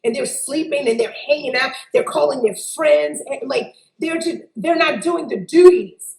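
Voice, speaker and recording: A woman host with a high, gravelly voice, gushing and effusive in easy chat. She sounds like she is in a roomy, echoey space. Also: moderate pace, a little mellow. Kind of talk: casual chat. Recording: echoey room.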